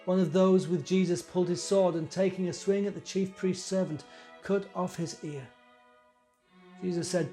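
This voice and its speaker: A man giving a measured dramatic scripture reading, telling the story. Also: high voice, steady tone, mellow, faint music behind. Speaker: scripture reader.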